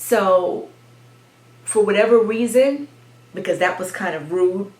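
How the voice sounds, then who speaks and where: A woman vlogger telling a personal story from her childhood, reflective and pausing as she talks. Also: mid-range voice, a little mellow. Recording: echoey room.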